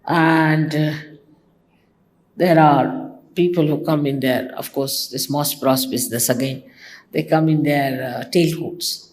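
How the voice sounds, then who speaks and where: A woman's voice: sits low, steady tone, slow, a little mellow, a little hiss or hum. An older woman from India, a spiritual teacher giving a conversational devotional talk to her followers, teasing and mimicking others. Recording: archival talk recording.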